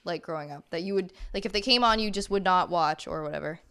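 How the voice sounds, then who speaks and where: A young woman co-hosts a casual podcast and tells stories in a chatty, animated way, full of fillers and asides. Her voice is smooth and clear. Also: fairly low pitch, fast talker. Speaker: podcast co-host. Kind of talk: casual chat.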